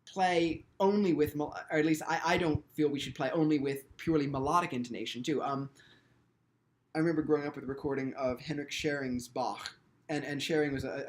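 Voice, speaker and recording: In an instructional video, a man with a slightly high voice teaches violin. He speaks thoughtfully, often restarting sentences with ums.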